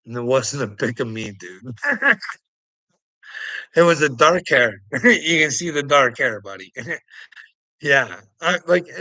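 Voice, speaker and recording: A man's voice: medium pitch, lively intonation, unhurried, pushed and bright, no room sound, rough recording. A man ranting into the camera in a heated, profane monologue, breaking into laughs between lines. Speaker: vlogger.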